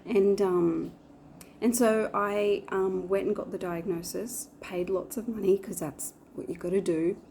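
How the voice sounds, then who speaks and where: A woman's voice: mid-range voice, fairly even intonation, unhurried, dark tone, slight background noise. A woman in her forties chatting casually to camera in a rambling way, with lots of fillers. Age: 40s. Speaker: vlogger. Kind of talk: casual chat.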